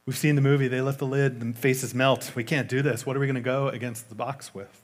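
A preacher voicing panicky ancient Philistine soldiers. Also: male voice, mid-range voice, steady tone, a little fast, lightly acted. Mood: alarmed.

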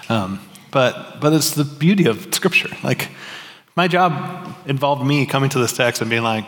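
A man's voice: mid-range voice, lively intonation, normal speed, a bit bright. A man preaching a sermon as pastor, in a casual, self-deprecating way with many fillers and restarts. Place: church sanctuary. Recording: reverberant hall.

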